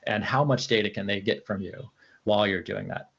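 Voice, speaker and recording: This man's voice sits low and has a husky grain. He talks through his ideas haltingly, with frequent fillers and restarted phrases. The audio is somewhat dull and lo-fi. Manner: hesitant, many fillers and restarts. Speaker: researcher guest. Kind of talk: casual interview talk.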